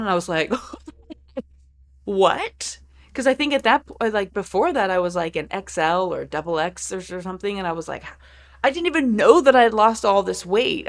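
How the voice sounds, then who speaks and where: A woman in her thirties, co-hosting a podcast in casual chat, candid and profane, with many "like" fillers. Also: mid-range voice. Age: 30s. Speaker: podcast co-host.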